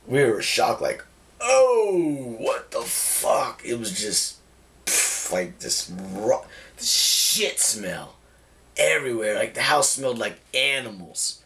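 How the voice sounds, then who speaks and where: A man's voice: lowish voice, animated, slow, bright, forceful tone. Laid-back young man telling a wild story. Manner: laid-back, laughs often, swears freely. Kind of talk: casual storytelling.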